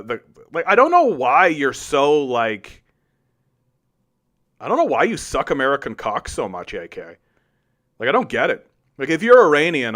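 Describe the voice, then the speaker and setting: A Canadian man hosts a solo political commentary show, arguing with chat in a combative, sarcastic and profane way. His voice is mid-range and a bit bright.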